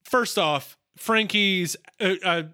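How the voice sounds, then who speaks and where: Man, podcast co-host, casual recap, chatty asides, high voice, very bright tone. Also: takes it slowly. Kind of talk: casual chat recapping a TV episode.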